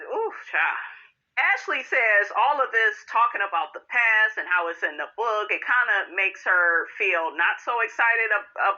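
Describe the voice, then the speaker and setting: Woman podcast host, sassy gossipy recap, piercing bright tone, dull lo-fi audio. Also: fairly high pitch. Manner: sassy and chatty, peppered with "honey" and "okay?". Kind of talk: casual reality TV recap.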